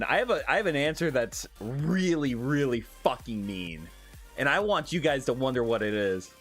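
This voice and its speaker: A man's voice: mid-range voice, animated, moderate pace, a bit bright, soft background music. A man live-streaming casual chat, reading viewer questions aloud with giggly, profane banter.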